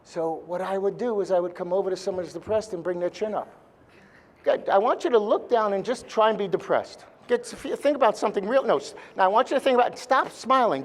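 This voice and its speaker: High-voiced man joking to a seminar crowd. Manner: blunt, joking, peppered with mild swearing. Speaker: speaker at a chiropractic seminar. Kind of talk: live seminar talk to an audience.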